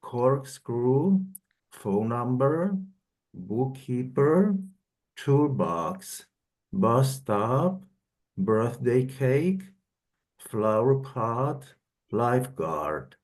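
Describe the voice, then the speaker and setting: A man learning English on a video call, repeating practice words slowly and carefully. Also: medium pitch, very animated, darkish tone.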